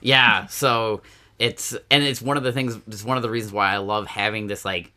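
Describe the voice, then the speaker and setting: A man from Nova Scotia with a Nova Scotian accent, a podcast guest telling stories in a chatty, animated way, full of fillers, restarts and quoted asides. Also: on the low side, normal speed. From Nova Scotia, Canada. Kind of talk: casual conversational interview.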